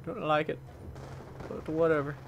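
A man commenting on his own gameplay, excitable, dropping from low mutters to sudden loud yelps and swapping curses for mild words. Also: moderate pace, muffled recording. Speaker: gaming commentator. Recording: game gunfire and noise behind the voice.

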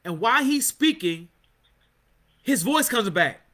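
High, bright-voiced fervent preacher man. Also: very animated, a little slow. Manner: fervent, call-and-response with amens. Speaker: Bible study teacher. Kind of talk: preaching Bible study.

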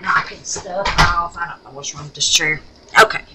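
A woman's voice: on the low side, moderate pace, very noisy. A woman with a Southern US accent hosting a resin craft tutorial at home, folksy and chatty, calling viewers babies and honey as she works. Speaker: resin craft channel host.

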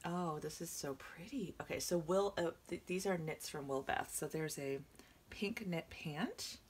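Talking to her viewers through an unboxing vlog, this reborn doll collector gushes with excitement, now and then drifting into a hush. She has a low, husky voice at a measured pace, with a slight cough from a cold that's coming on.

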